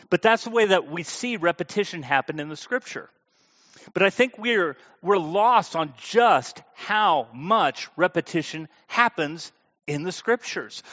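A man delivers a sermon in a relaxed, conversational tone. He stresses his points and puts questions to the audience. His voice sits a little high, and the recording sounds dull and lo-fi. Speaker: preacher teaching a Bible class.

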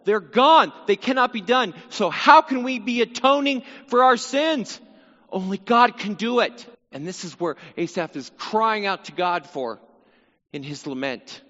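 A man's voice: high voice, expressive, unhurried, sharp tone, big-room sound, muffled recording. A man teaching through a psalm in sermon style, earnest, repeating phrases and voicing the psalmist's cry. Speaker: Bible teacher.

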